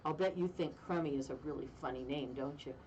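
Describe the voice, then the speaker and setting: A woman voicing a tall, bald male mortician who gives a slow, solemn tour patter. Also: low-pitched, a little mellow, far from the mic, highs cut off, slight background noise, voice pushed down, close to an everyday voice. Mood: sly.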